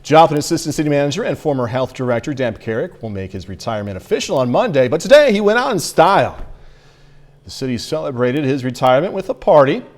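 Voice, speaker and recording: Lively male evening news anchor. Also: medium pitch, quick pace. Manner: lively, jokey asides between stories. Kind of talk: evening newscast reading.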